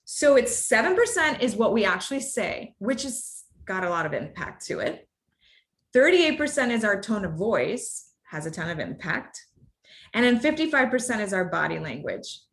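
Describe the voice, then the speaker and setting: A woman giving a live workshop to an audience in a room, talking in an animated, conversational way and addressing the audience directly. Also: mid-range voice, moderate pace. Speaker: workshop speaker. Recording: roomy echo.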